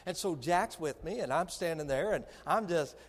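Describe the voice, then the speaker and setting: A middle-aged man preaching, telling a lively story with comic put-on voices. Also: fairly high pitch, normal speed, long reverb tail, heavy background noise. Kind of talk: sermon story.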